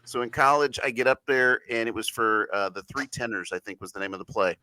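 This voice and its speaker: A man's voice: medium pitch, bright, forceful tone, dry recording, poor audio. A man co-hosting a podcast, telling a joking story in casual chat. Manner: joking storyteller, quick banter. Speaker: podcast co-host.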